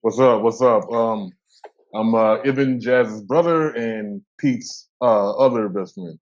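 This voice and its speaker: A young man joining a casual podcast as a guest, easygoing and relaxed. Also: fairly low pitch, slow pace, dull audio. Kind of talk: casual chat.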